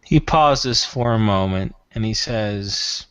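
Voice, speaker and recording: A man narrating a tabletop role-playing game as game master in a relaxed, unhurried way. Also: fairly low pitch, smooth, no echo.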